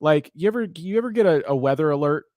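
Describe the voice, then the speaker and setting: Animated, opinionated male live-stream host. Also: on the high side, fast talker, no echo. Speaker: channel review host. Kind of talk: casual live-stream critique.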